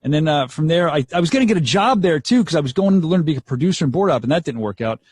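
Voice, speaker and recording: Man, rapid animated storyteller, husky voice, dry close sound. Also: fairly high pitch, dry recording. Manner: animated, acts out quotes, laughs often. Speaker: radio DJ guest. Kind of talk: storytelling interview.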